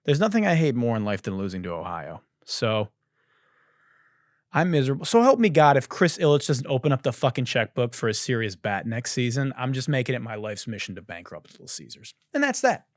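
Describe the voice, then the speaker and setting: A male comedy podcast host whose pitch leaps and swoops as he rants, swearing freely and playing up his outrage. His mid-pitched voice sits close and dry on the mic, with no room sound around it. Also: fairly quick, no room sound. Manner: animated, profane ranting. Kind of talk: comedic monologue.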